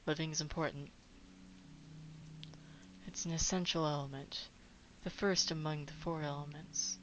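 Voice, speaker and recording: A nervous, overly polite mine clerk, as a woman puts him on, stumbling through polite questions and explanations. The voice sits a little low. The recording is dull and lo-fi, with a faint noise underneath. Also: steady tone, fairly bright tone. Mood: explaining. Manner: hesitant, halting and polite. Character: nervous fussy clerk of the mines.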